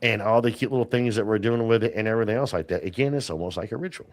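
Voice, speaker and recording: A man's voice: fairly low pitch, rapid-fire, no room sound. A man talking as a podcast guest, telling long rambling stories full of fillers and restarts. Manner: rambling storyteller, many fillers. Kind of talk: casual interview chat.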